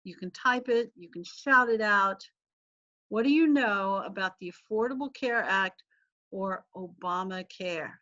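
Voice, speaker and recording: A woman's voice: medium pitch, unhurried, a bit bright, dry recording, dull audio. A woman teacher giving a casual, joking lecture to an online class, laughing often as she talks.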